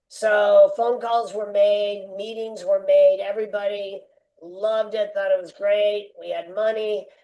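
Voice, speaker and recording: A woman's voice: mid-range voice, low-quality recording. An older woman telling a long personal story as a podcast interview guest, acting out the voices of the people she quotes. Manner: lively anecdotal storyteller, acts out quoted voices.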